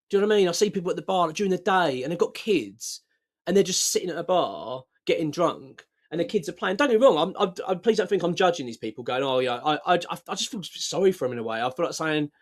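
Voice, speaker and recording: A man's voice: a little high, animated, fast. A middle-aged man, talking frankly and earnestly to camera, often stumbling and repeating himself. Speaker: vlogger. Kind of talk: casual talk to camera.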